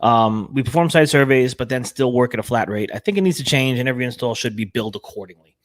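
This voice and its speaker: A man's voice: mid-range voice, animated, fast talker. A man with a New Jersey accent hosting a casual live show, talking with energy and emphasis and often repeating words. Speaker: show host.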